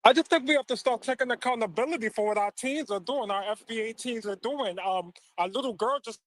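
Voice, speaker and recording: A man's voice: very high-pitched, fairly quick, a bit bright, no echo. A man calling in to an online talk show, arguing in a whiny, insistent way. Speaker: call-in speaker.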